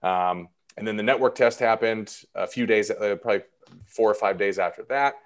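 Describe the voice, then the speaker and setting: A man's voice: fairly low pitch, normal speed, clear, resonant tone. A man in his thirties, an actor guest talking casually and a bit self-deprecatingly in an interview. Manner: chatty and self-deprecating, many fillers.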